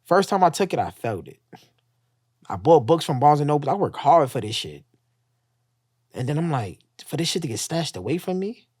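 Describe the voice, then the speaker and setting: Man, podcast guest, profane storyteller who acts out quoted lines; animated delivery, dry close recording. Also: on the high side, moderate pace, pauses often, breathy edge, no echo. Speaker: guest telling his story. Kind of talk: casual storytelling.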